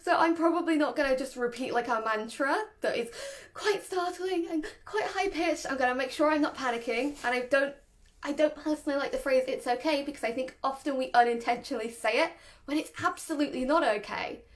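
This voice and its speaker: High-voiced woman, chatty dog trainer. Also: a little fast. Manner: chatty, laughs often, animated. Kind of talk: casual instructional talk.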